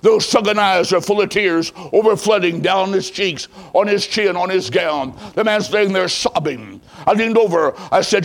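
A man preacher telling a story in a sermon, dramatic, swinging from hushed low tones to loud emphasis. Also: moderate pace, few pauses, low-quality recording.

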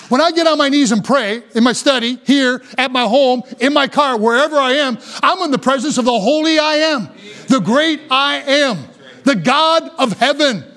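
A male pastor preaching a sermon emphatically, drawing out key phrases slowly and chuckling now and then. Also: extremely high pitch, a bit bright.

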